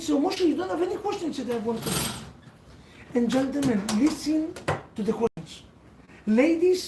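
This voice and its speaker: A man giving a sermon as a rabbi to a seated audience, telling stories in halting, non-standard English. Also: very high-pitched, mellow, echoey room, distant mic, a little hiss or hum, low-quality recording.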